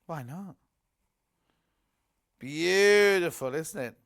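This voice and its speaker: A man's voice: sits high, big pitch swings, a little slow, a bit bright. A man presenting a live home shopping broadcast, chatty and gushing, reading out viewer messages as he shows products.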